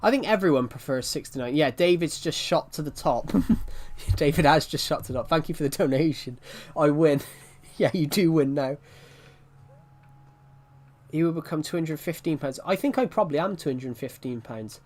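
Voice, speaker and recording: Young guy streaming games, rambles and jokes around, curses a lot, kinda high voice. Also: normal speed, a little mellow. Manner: laughing, swearing, rambling, jokey. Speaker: game streamer. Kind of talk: casual live-stream chat.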